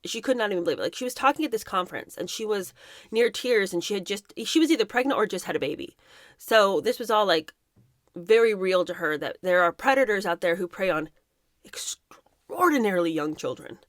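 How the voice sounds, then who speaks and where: A woman's voice: mid-range voice, lively intonation, fast, no echo, clean studio sound. A woman in her thirties hosting impassioned commentary, talking emphatically and indignantly, sometimes mocking the people she talks about. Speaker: commentary host.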